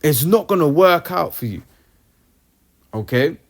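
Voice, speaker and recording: A man's voice: on the high side, lively intonation, a little slow. A young man giving an informal, slangy Bible teaching, tagging his sentences with "man". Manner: slangy, streetwise, peppers talk with "man".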